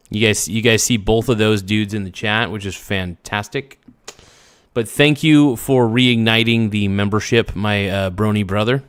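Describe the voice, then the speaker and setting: A man's voice: fairly low pitch, a bit bright, no room sound, studio quality. A man hosting a casual livestream, reading viewer comments aloud and answering them in a rambling, blunt way. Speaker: livestream host.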